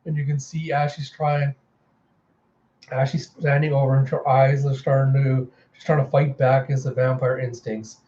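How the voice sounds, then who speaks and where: A man casually reading through a comic book, retelling the story in an animated way with lots of filler words. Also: medium pitch, normal speed, highs cut off. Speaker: comic reviewer. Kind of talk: casual comic readthrough with voices.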